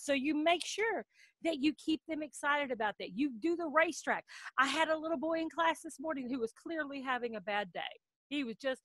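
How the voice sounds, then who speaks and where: A middle-aged woman giving casual, upbeat advice on online English teaching, checking in with "okay?" and slowing right down to model words the way she would for a child. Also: high voice, lively intonation, fairly bright tone, no room sound. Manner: upbeat, coaching, frequent "okay?" check-ins. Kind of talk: casual instructional talk to camera.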